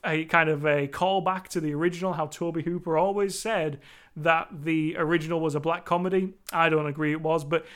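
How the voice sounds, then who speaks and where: High-voiced, emphatic man reviewing films. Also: steady tone, brisk, a bit bright. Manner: emphatic and enthusiastic, with frequent restarts and self-corrections. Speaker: horror film reviewer. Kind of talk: opinionated solo film review.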